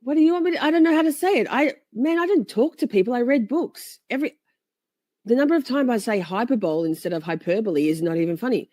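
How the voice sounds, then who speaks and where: A woman's voice: on the high side, expressive, fast talker, mellow, dry recording, clean studio sound. A woman hosting a livestream, chatting casually with her viewers in a playful, mock-offended way and laughing often. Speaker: livestream host commenting on a trial. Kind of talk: casual chat to a live chat.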